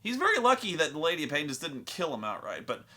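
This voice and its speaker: Dude ranting through an old gaming story, swears a lot, bright edgy voice. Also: male voice, a little high, fast talker. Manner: profane, animated, rambling. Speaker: storyteller and host. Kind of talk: casual storytelling.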